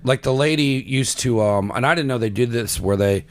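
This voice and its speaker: A man with an ordinary mid-pitched voice who chats casually. He rambles, doubles back and fills his sentences with "like" while telling small local stories. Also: moderate pace. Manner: rambling, filler-heavy talk. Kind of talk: casual chat.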